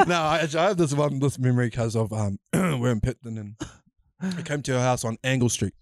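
A man's voice: medium pitch, no room sound. Kiwi guy telling stories to his cuz, voice jumps all over, dry close sound. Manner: animated storyteller, laughing, acting out quotes. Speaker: cousin telling childhood stories. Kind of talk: casual chat.

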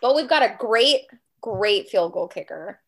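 A woman's voice: mid-range voice, expressive, a little slow. A woman guest on a podcast, chatting casually and bluntly about her college football team. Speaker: guest fan.

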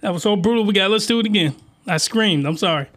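An excitable man riffs through a crude anime recap in a bright, fairly high voice, full of slang and loud reactions. He talks straight to his viewers. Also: fast talker. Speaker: comedy reaction host.

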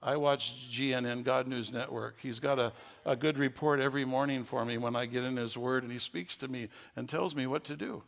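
Gravelly older male pastor preaching. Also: medium pitch, fairly even intonation, fairly quick, few pauses, long reverb tail. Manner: folksy storytelling, rising to fervent preaching. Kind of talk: sermon.

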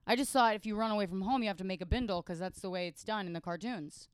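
A young woman co-hosting a podcast in casual comedic chat, telling stories in a wry, deadpan way. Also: medium pitch, fast talker, clean tone, no echo, clean studio sound. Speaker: podcast co-host.

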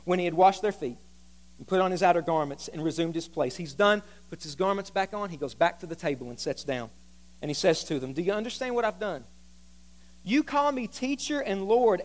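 A man's voice: fairly high pitch, lively intonation, fairly quick. A man preaching a sermon as pastor, reading scripture aloud and joking with the congregation on a microphone. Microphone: handheld microphone.

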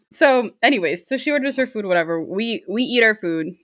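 A young woman telling a story about a date in a casual monologue, lively and profane, laughing often. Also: fairly high pitch, a little fast. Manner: animated, swears freely, laughs often.

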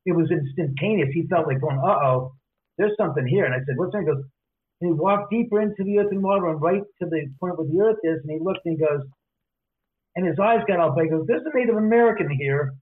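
A man telling stories as an interview guest, lively, acting out the voices of people he quotes. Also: fairly high pitch, fast talker. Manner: animated, acts out quoted voices. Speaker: author and guest. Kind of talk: casual storytelling interview. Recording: tinny phone-line audio.

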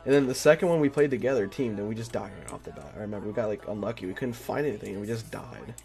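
A young man streaming a game, chatting casually with a friend in a rambling way, full of fillers and quick laughs. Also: lowish voice, creaky, a little mellow, faint music behind. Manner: rambling, filler-heavy, giggly. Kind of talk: casual chat while gaming.

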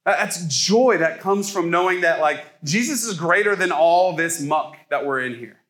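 A man's voice: on the high side, animated, moderate pace, fairly bright tone. A man in his thirties from Ohio, preaching a casual sermon as a pastor and joking with the congregation.

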